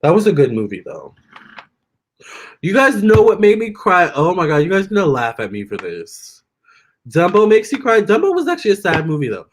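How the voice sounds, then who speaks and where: A young man chatting casually with viewers during a live stream, expressive and talking straight to his audience. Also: sits high, moderate pace, a little hiss or hum. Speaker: live-stream tarot reader.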